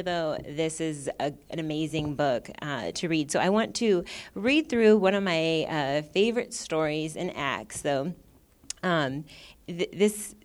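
A young woman leading a Bible reading in a chatty, giggly way, with many fillers. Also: sits low. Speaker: Bible study leader. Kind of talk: casual church talk.

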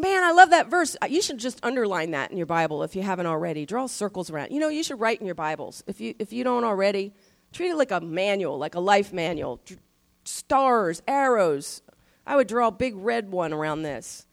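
A middle-aged woman pastor giving a sermon in a conversational style, stressing key phrases slowly. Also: medium pitch, sing-song, creaky.

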